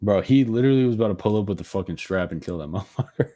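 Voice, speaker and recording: A young man co-hosting a podcast, telling a story in a slangy, profane, animated way. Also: on the low side, racing. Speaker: podcast co-host. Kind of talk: casual storytelling chat.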